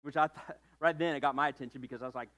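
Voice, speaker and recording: A man preaching a sermon as pastor, telling a story in a relaxed, conversational way with joking asides about himself. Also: mid-range voice, racing.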